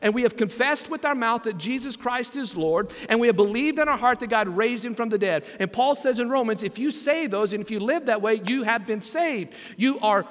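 A man's voice: very high-pitched, animated, a little fast, hardly any pauses, a bit bright, big-room sound. A man preaching a sermon as senior pastor, joking with the congregation and drawing back "Amen?" replies. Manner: preaching with jokes and call-and-response asides.

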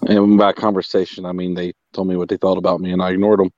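Man, very low voice, loose podcast chat full of restarts, dry muffled line. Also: little pitch movement, fast talker, darkish tone, no room sound. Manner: rambling, many restarts and fillers. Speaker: podcast co-host. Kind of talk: casual chat. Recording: dull, lo-fi sound.

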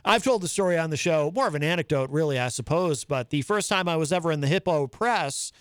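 Chatty man with a smooth, close voice. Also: a little high, animated, quick pace, dry recording. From New England, US. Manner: rambling, chatty, reads viewer comments aloud. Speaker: talk show host. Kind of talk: casual live-stream chat.

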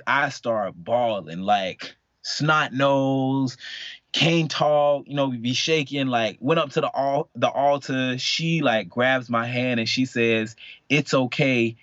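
Man, candid storyteller, animated, laughs often, dry close sound, a bit muffled. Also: medium pitch, no room sound. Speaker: podcast co-host. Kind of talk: candid storytelling in casual chat. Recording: dry, slightly dull podcast mic.

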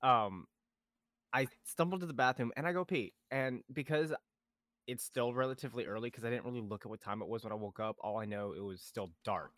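A young man co-hosting a podcast, telling stories in a casual, animated way, swearing often and acting out what people said. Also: medium pitch, a little fast, dry recording, clean studio sound. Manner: animated storyteller, swears a lot, acts out quotes. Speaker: podcast co-host. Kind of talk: casual chat.

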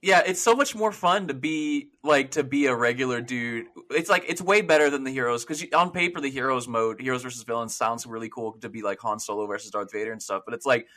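A man co-hosting a gaming podcast, excitable in casual chat, swearing and saying dude a lot. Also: mid-range voice, brisk, hardly any pauses. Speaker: podcast co-host.

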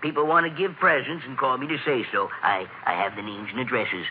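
A man's voice: medium pitch, brisk, a little hiss or hum, close to an everyday voice. An older man playing a kindly, busy Santa Claus who talks heartily with chuckles in a 1940s radio drama. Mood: jolly. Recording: tinny old radio recording.

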